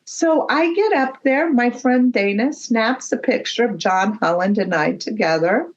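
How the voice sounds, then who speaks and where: A woman medium, a guest on a podcast, telling a story in an animated way and acting out the dialogue. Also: on the high side, measured pace, highs cut off. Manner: animated storyteller who acts out quoted dialogue.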